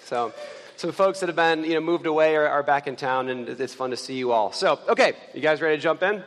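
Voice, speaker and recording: Young male pastor, casual halting preaching style, slightly high voice, long church reverb. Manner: halting, many fillers and restarts, earnest. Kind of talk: casual conversational sermon. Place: church sanctuary.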